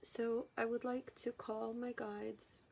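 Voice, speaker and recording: A woman hypnotherapist speaking in a personal vlog monologue, halting and reflective, often restarting her sentences. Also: on the high side, level tone, gravelly, a little mellow, a little hiss or hum. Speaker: hypnotherapist and channeler.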